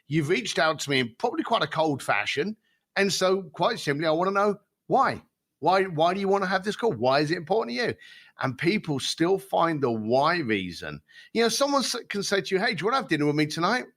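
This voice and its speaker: Animated man telling stories in a bright voice. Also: on the high side. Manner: animated, acts out other people's voices. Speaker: guest. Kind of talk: storytelling in a podcast interview.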